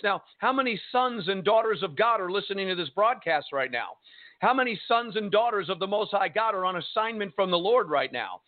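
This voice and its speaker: High-voiced preacher on a phone line. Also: male voice, lively intonation. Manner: emphatic, drawn-out preaching with rhetorical questions. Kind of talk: radio sermon. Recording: tinny phone-line broadcast.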